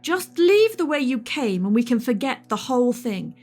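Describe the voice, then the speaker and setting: A woman's voice: fairly high pitch, big pitch swings, normal speed, a little mellow, soft background music. A woman voicing a young TV presenter who is startled and irritated, speaking bluntly. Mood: annoyed.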